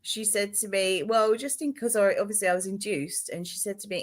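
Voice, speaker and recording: A woman telling stories in a casual chat, blunt and animated, swearing heavily. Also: mid-range voice, fairly quick, few pauses.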